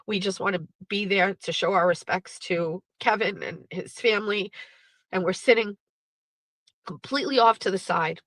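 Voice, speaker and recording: A woman's voice: mid-range voice, moderate pace, a bit bright, dry recording, poor audio. A woman host in her thirties, candidly telling a personal story with blunt, profane, emotional language. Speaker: podcast host.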